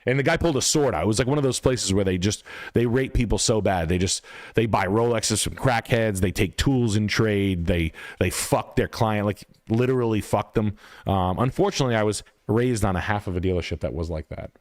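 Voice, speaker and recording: A man's voice: lowish voice, a little fast, no echo, studio quality. A man hosting a live stream, telling a story casually with lots of swearing and acting out both sides of an argument. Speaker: realtor and stream host.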